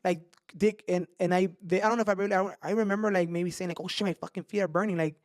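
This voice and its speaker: An animated male podcast host with a quick, high voice tells stories in a casual chat, swearing freely and sprinkling in Spanish slang. The recording is clean studio sound with no echo.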